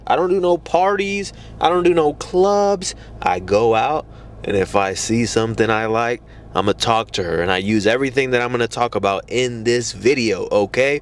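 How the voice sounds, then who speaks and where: A man's voice: mid-range voice, moderate pace. A man giving casual dating advice in a blunt, profane way, often mocking how other guys talk.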